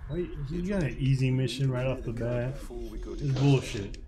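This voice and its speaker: A man's voice: mid-range voice, a little slow, a crowd in the background. A man co-hosting a gaming stream, making dry, teasing remarks to his friend. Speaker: game streamer, co-host. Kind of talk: casual gaming stream chat.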